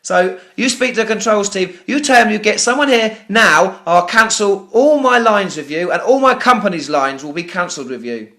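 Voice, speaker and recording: This is an exasperated British man with a high, strained voice, venting at a customer service agent. His complaint turns sarcastic and profane, and he stumbles over the same words again and again. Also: animated, moderate pace, hardly any pauses, pushed and bright. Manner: furious, ranting, sarcastic, stammering repetitions; swears often. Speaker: business owner calling customer service. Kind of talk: phone complaint call.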